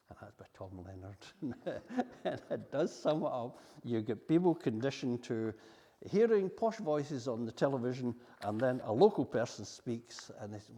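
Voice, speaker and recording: A man's voice: mid-range voice, animated, normal speed, dark tone. Chatty Scottish man giving a talk. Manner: chatty, digressive, reading from a script. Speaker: local history speaker. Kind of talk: public evening talk. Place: hall with an audience. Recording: long hall reverb.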